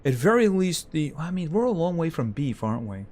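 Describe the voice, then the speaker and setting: A man livestreams a farming game, chatting casually with viewers, talking to the game's animals and reading chat aloud. His voice is a little high and darkish in tone, very animated, and a little fast.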